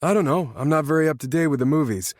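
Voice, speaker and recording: A man doing a loud goofy teenage boy. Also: fast talker, dry recording, studio quality, lightly acted. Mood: excited. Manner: yelling, excitable, high-pitched.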